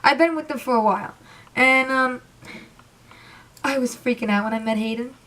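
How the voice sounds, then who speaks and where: A young woman telling an excited, rambling storytime about meeting her idols, emotional and close to tears. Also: on the high side, moderate pace. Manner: gushing, rambling, says literally a lot. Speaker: vlogger.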